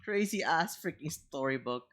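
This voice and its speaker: A young woman streamer reading a storybook aloud, breaking off for profane, excitable commentary. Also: low voice, normal speed. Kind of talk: casual storybook reading on a livestream.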